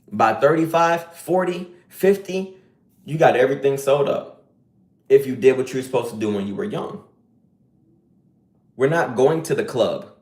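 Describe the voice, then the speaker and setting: A man's voice: mid-range voice, darkish tone, roomy sound. A man live streaming, giving a casual, slangy lecture in a preachy and emphatic way.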